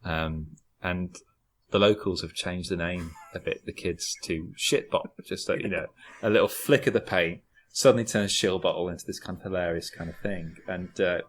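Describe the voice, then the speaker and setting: Deep-voiced man telling rambling stories. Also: steady tone, normal speed, few pauses, slight background noise. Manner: rambling, laughing storyteller. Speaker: podcast guest. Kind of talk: casual chat.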